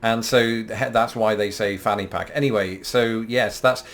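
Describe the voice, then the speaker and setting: A man's voice: lowish voice, fairly even intonation, moderate pace. Playful British man hosting a vlog. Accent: British English. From Britain. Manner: playful, self-mocking, prone to giggling. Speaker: YouTube host. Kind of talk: scripted explainer vlog.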